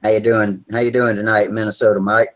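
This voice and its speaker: A man hosting a live video hangout from home, talking in a relaxed, rambling way with plenty of filler words over a video call. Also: fairly low pitch, a little fast, low-quality recording. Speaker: host of a model airplane video hangout. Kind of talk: casual live chat.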